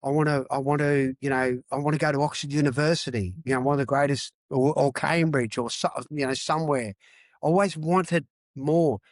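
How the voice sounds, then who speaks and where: A man's voice: fairly high pitch, steady tone, brisk, dry recording. A man in his fifties, a former rugby player telling his story as a podcast guest in a raw, frank way, repeating words for emphasis. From Australia. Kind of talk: candid personal storytelling.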